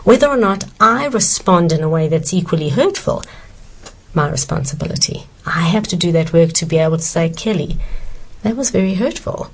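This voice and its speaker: A woman's voice: lowish voice, expressive, a little fast. A woman author earnestly answering questions about self-esteem, emphatic and sincere.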